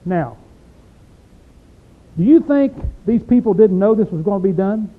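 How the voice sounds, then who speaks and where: A man preaches in a homely, talk-to-you way, firing questions at his listeners. His voice sits high, and the recording is thin and tinny, like a phone line. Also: expressive, unhurried. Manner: folksy, conversational, asks the listeners questions. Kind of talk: sermon.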